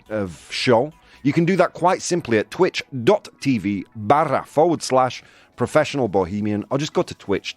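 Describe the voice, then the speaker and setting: A man's voice: medium pitch, no room sound. A man hosting a casual live-streamed news chat, jokey and chatty, laughing often between points. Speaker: show host.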